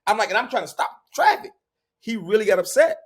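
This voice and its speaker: Husky, animated storytelling man. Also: high-pitched, quick pace. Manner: animated storyteller, shouts when quoting himself. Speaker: podcast guest. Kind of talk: casual storytelling.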